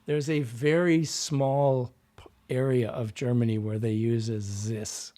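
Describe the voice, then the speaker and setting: A man with a mid-range, warm, steady voice talks a little slowly as a dialect coach guesting on a podcast. He explains accents patiently, step by step, often demonstrating the sounds aloud while he teaches.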